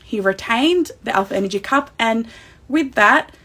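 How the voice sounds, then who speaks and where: A woman with an Australian accent hosting a wrestling recap livestream, excitable and emotional as she speaks straight to the fans. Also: on the high side, normal speed.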